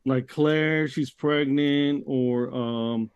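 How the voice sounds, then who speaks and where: A man's voice: medium pitch, fairly even intonation, drawn-out words, darkish tone, clean tone, no echo, lo-fi sound. A man from the United States, hosting a podcast and chatting in a laid-back way with some swearing. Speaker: podcast host. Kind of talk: casual chat.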